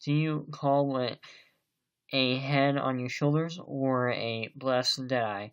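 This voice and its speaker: A man reading aloud as a crafty, blustering one-legged tavern landlord in an audiobook, speaking loudly and sternly. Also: mid-range voice, steady tone, takes it slowly, clear, resonant tone, muffled recording. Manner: loud, stern scolding.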